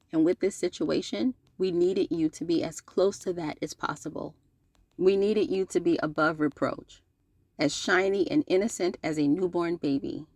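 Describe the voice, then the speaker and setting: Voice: mid-range voice, darkish tone, no room sound. A channel host reading a scripted open-letter commentary, sarcastic and scolding, with playful slang and direct address.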